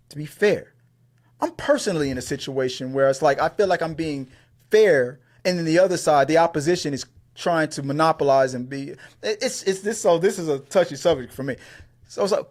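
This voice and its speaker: A man co-hosting an entertainment news show, talking in heated casual commentary, profane and full of stammered restarts. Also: a little high. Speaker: co-host of movie news show.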